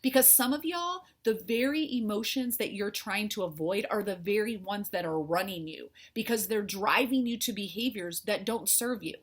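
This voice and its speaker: Speaking at a moderate pace with hardly any pauses, a middle-aged woman coach uses a husky, medium-pitched voice. Her candid talk to followers is heartfelt and faith-driven, delivered conversationally.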